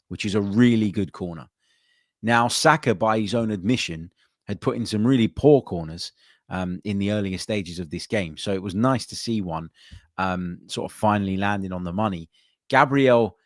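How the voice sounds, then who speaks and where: A man's voice: fairly low pitch, no room sound, clean studio sound. A man hosting a live football podcast, chatting casually with many ums and uhs and reading out viewer comments. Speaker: podcast host.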